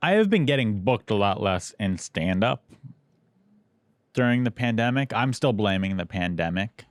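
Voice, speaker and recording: A man hosting a comedy podcast, teasing his guest in quick banter and doing ad reads. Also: fairly low pitch, lively intonation, no echo. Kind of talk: casual chat and ad read.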